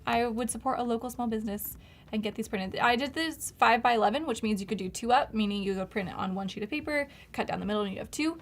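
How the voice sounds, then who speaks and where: Chatty woman host, a bit high. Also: quick pace. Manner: chatty, narrates steps, laughs often. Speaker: livestream host and designer. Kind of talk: casual live design demo.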